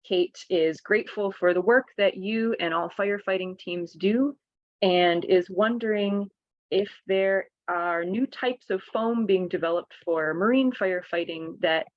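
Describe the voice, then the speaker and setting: A woman's voice: medium pitch, unhurried, highs cut off. A woman moderating the questions of a webinar over a video call, friendly and lightly joking.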